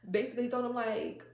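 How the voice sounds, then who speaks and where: A woman giving a casual spiritual oracle card reading in a rambling, conversational way, with many fillers and asides. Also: on the high side. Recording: echoey room, faint noise.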